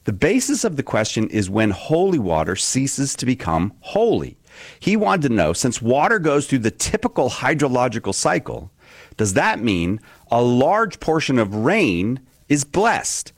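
A man's voice: mid-range voice, no room sound, clean studio sound. A man sitting in as host of a call-in show, chatting casually and joking at his own expense, often laughing. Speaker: guest host. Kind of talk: casual radio call-in chat.

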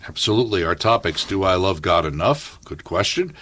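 A man hosting a radio talk show, smoothly introducing topics and guests. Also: deep voice, very animated, brisk, a bit bright. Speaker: radio host.

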